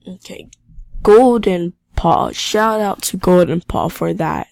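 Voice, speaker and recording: A woman giving casual gameplay commentary, excitable and easily flustered, stammering and grumbling impatiently about lag. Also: lowish voice, takes it slowly, gravelly, no echo. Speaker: game video creator.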